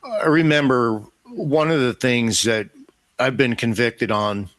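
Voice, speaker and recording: A man's voice: medium pitch, expressive, slow pace, a bit bright. A man as a podcast guest, speaking reflectively about faith and thinking aloud as he goes. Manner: reflective, thinks aloud with restarts and "you know". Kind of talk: casual faith conversation.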